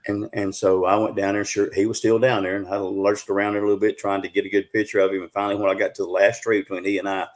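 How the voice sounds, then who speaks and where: A middle-aged Southern US man with a fairly low voice spins a long tale in a folksy, unhurried way. He leans on fillers and restarts as he talks through it on a live show. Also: little pitch movement. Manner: folksy, drawn-out storytelling with many fillers. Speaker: guest, Bigfoot researcher. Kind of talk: casual storytelling on a live show.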